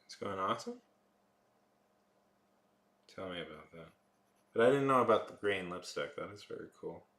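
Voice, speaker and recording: Chatty low-voiced man in an echoey room. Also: expressive, moderate pace, fairly bright tone. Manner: rambling, chatty, trails off with fillers. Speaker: streamer chatting with viewers. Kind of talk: casual live-stream chat.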